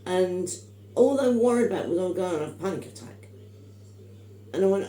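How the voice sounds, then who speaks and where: A middle-aged woman chatting in an emphatic, opinionated way, with a mellow, dark tone. Her voice bounces around an echoey room over a faint hum. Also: lowish voice, animated, brisk, pauses often. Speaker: vlogger. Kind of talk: casual chat.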